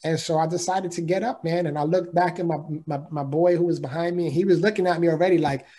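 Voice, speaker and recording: A man's voice: a little high, steady tone, fast, warm tone. A man telling a personal story as an interview guest, earnest and emphatic, in a casual way of talking.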